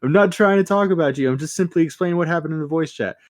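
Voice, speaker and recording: A man hosting a casual podcast, telling a story with lots of swearing and an animated delivery. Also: on the high side, very fast, no echo, studio quality. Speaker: podcast host and moderator.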